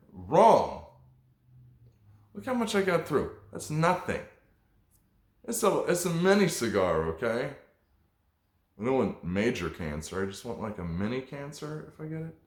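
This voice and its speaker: Profane rambling comedy host. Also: male voice, a little high, roomy sound. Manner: profane, rambling, mock-preachy.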